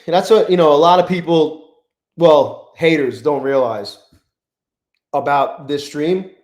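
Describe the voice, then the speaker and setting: A man's voice: fairly high pitch, measured pace, a little mellow. A young man hosting a live trading stream, chatting loosely and profanely while he greets viewers from the chat by name. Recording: echoey room.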